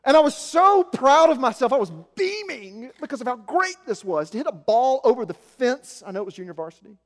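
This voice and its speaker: Pastor guy from arkansas, 40s, self-deprecating stories, high-ish voice, church echo. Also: big pitch swings, fairly quick. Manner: storytelling, self-mocking, swings from soft asides to loud emphasis. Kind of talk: sermon. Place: church sanctuary. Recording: echoey hall.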